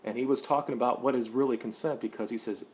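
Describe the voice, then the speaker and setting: A man's voice: fairly even intonation, fast. Guy in his 40s doing a vlog rant, blunt and sweary, lots of restarts, a bit of faint noise behind. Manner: blunt, profane and rambling, with frequent restarts; rising loud and high when worked up. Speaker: vlogger. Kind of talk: opinion monologue to camera.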